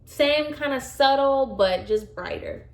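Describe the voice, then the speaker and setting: A woman's voice: sits high, expressive, takes it slowly, reverberant. A woman hairstylist telling a client story in a chatty, sassy way, full of fillers. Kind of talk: storytime vlog.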